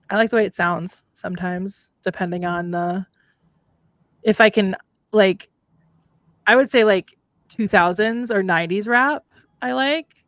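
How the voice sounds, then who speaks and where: A woman's voice: mid-range voice, a bit bright, no echo. Chatty woman with a light Minnesota accent. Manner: chatty, rambling, drops in Norwegian words. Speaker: livestream co-host. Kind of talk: casual chat. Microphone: remote streaming setup.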